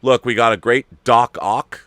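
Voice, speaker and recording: A man's voice: mid-range voice, steady tone, a little slow, a bit bright, no room sound, clean studio sound. A man hosting a casual chat, musing and hesitant as he talks, with plenty of fillers. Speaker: host. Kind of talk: casual chat reviewing collectible figures.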